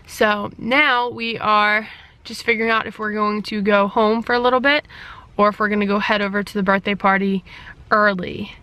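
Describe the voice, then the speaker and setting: A woman's voice: mid-range voice, steady tone, normal speed, bright, forceful tone, no echo. A woman chatting casually to her vlog camera, a chatty, rambling talker who leans on fillers, filmed on a handheld camera. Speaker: family vlogger.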